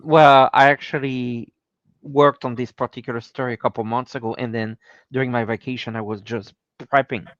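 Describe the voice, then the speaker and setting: A man as a podcast guest, chatting in a relaxed, agreeable way. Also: medium pitch, moderate pace, no echo, muffled recording. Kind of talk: casual chat.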